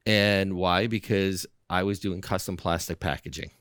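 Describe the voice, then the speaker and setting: A man as a podcast guest, telling a story in an animated, persuasive way and acting out the dialogue. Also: low-pitched, normal speed, smooth, dry recording, clean studio sound. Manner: animated, acts out dialogue from his own story. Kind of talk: storytelling in conversation.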